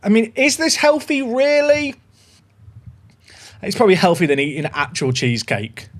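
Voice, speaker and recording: A young man hosting a casual livestream, chatty and excitable as he talks to his viewers. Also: high voice, normal speed. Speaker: livestream host.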